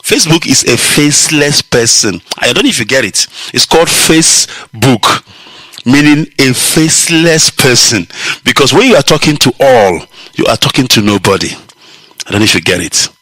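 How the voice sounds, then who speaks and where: Animated Nigerian man preaching over radio. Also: medium pitch, normal speed, no room sound. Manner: preachy, mocking, laughs at his own jokes, acts out quoted voices. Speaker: radio broadcaster. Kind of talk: impassioned radio monologue.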